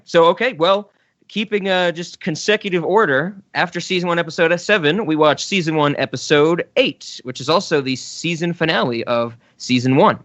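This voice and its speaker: A man's voice: on the high side, fairly bright tone, no room sound, dull audio. A man hosting a film podcast in casual chat, easygoing and chuckling often. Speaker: podcast host.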